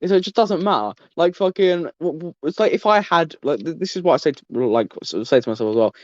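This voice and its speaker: A man with a fairly high voice talks in a loose, rambling way, swearing often and tripping over his own restarts. The sound is dry and close, with a dull, slightly muffled tone. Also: animated, fast talker, no room sound. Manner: rambling, profane, stumbling restarts. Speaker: podcast host. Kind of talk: casual podcast chat.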